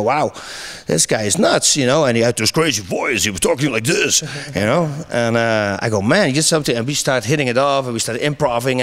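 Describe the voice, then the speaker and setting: Animated middle-aged man telling stories. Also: medium pitch. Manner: animated storyteller, laughs often, many restarts. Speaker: interview guest, MMA commentator. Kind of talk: casual interview chat.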